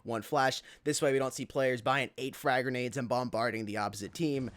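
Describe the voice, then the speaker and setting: A man casting a mobile shooter tournament on a live stream, calling the action in quick, excited play-by-play. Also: mid-range voice. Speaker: esports caster. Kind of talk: live game commentary.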